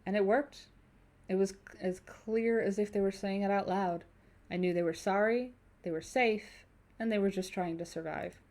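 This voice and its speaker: A young adult woman with a mid-range, slightly mellow voice streams a story game at a moderate pace. She reads the narration aloud, chats casually with viewers in between, and curses freely.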